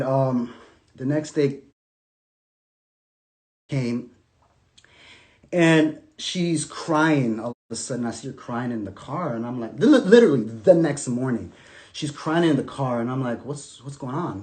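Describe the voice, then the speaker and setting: A man telling his own story to camera in casual storytelling, animated, with loose slang, swinging from loud outbursts to quiet murmurs. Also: medium pitch, unhurried, pauses often. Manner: loose slang, many restarts and fillers.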